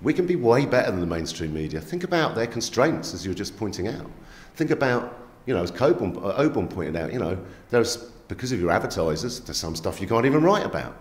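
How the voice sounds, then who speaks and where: Man, low-pitched, punchy streetwise talk, roomy echo. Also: big pitch swings, fast. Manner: emphatic, streetwise, asks "yeah? right?". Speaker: magazine contributing editor. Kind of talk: animated interview storytelling. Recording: echoey room.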